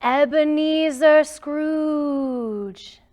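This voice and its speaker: A woman's voice: high voice, very slow, a little mellow, pitched above the performer's own voice. Woman doing a solemn chained ghost. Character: ghost of an old man in chains, solemn warning. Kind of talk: storybook read-aloud.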